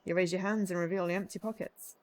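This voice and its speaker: A woman, streaming and reading a narrative game aloud, chatty and animated with joking asides. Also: lowish voice, fast.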